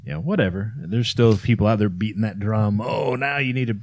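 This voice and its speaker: A man co-hosting a podcast in casual chat, jokey and quick to laugh. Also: on the low side, dry recording, clean studio sound. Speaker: podcast co-host.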